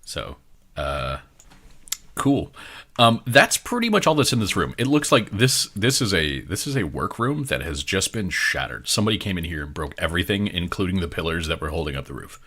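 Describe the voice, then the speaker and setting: A man's voice: deep voice, very animated, moderate pace, pushed and bright, slightly rough. A man narrating a tabletop game as game master, in a loose, rambling delivery. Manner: rambling, with many fillers and restarts.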